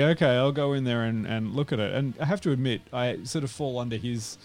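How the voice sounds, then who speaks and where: A man's voice: mid-range voice, fairly quick, few pauses, a little mellow. A man hosting a podcast in casual chat, rambling and laughing often. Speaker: podcast host.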